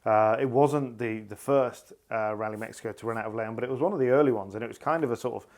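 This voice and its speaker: A man's voice: medium pitch, fast, darkish tone. A man co-hosting rally news in a casual, jokey, storytelling chat. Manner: chatty, jokey, wordy storyteller.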